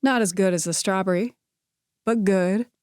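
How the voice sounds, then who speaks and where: A woman's voice: mid-range voice, moderate pace, a little mellow, smooth, no room sound, studio quality, close to an everyday voice. A woman reading the part of a playful, charming young man who jokes drolly and teases lightly. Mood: teasing.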